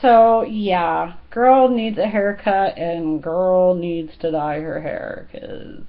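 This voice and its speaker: A woman's voice: lowish voice, slow pace, phone-quality sound. A woman in her thirties chatting casually to her viewers, giggly and full of fillers. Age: 30s. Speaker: fashion vlogger. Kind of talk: casual chat.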